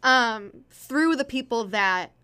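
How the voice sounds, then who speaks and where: A woman's voice: on the high side, expressive, slow, bright, forceful tone, smooth. A woman co-hosting a podcast, chatting candidly and rambling a little with jokes. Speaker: podcast co-host. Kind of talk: casual chat.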